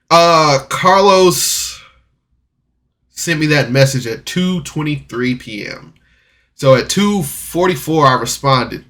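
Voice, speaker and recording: A man vlogging a personal story, candid and rambling, doubling back with restarts and rueful laughs. His voice is bright and forceful, sitting at an ordinary pitch for a man. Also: animated, slow pace. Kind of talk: casual personal storytelling to camera.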